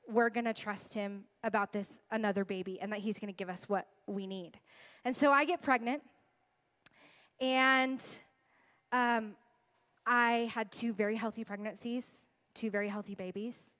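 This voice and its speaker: A woman's voice: fairly high pitch, a bit bright. A woman in her thirties giving an earnest, emotional testimony as a guest speaker in a sermon. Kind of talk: sermon storytelling.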